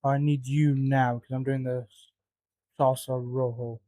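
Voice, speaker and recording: A man's voice: mid-range voice, flat delivery, measured pace, mellow, no room sound. A man cooking at home, talking to himself in a flustered, muttering way and swearing often. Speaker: home cook vlogger. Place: home kitchen.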